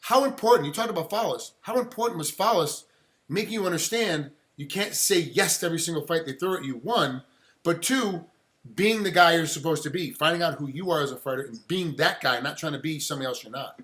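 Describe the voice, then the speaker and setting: A man interviewing a fighter in a casual sports chat, animated and acting out quotes as he talks. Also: fairly high pitch, a little fast.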